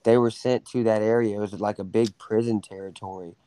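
A man in casual podcast chat, talking in a measured, wry way. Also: lowish voice, fairly even intonation, mellow, clear, resonant tone, rough recording. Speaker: podcast co-host.

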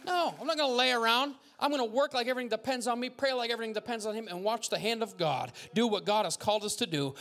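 Fiery, bright-voiced male pastor preaching. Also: extremely high pitch, fast, hardly any pauses. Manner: fiery preaching, bursts into shouts; folksy asides and jokes. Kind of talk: sermon.

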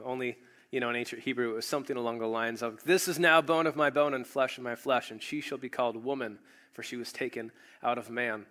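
A man's voice: mid-range voice, quick pace, pushed and bright. A man preaching a sermon, retelling a story and acting out the quoted voices. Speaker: pastor.

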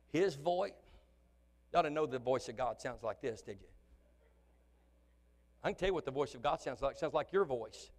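High-voiced pastor preaching in a reverberant hall. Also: male voice, normal speed, pauses often. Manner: animated preaching that swings between shouting and soft asides. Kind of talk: sermon. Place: church sanctuary. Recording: long church hall reverb.

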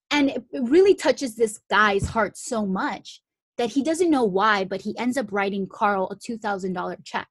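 A woman's voice: medium pitch, dry recording. A young woman telling a long story in casual talk, full of "like" fillers, acting out the voices of the people in it. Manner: chatty, full of "like" fillers, acts out the quoted voices.

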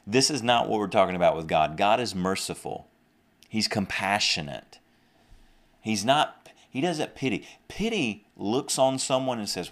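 A man's voice: deep voice, animated, a little slow. A young man with a Southern US accent preaching a podcast sermon earnestly, often repeating and restarting his phrases.

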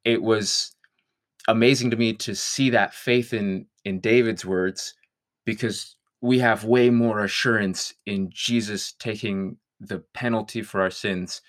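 A man with a low voice speaks as a guest in an unhurried conversation. He is thoughtful and searching, and he laughs easily. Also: steady tone. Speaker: guest songwriter. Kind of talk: reflective conversation.

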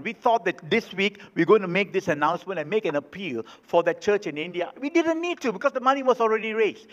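A male pastor preaching a sermon, emphatic and repeating his key phrases. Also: high-pitched. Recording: reverberant hall, dull sound.

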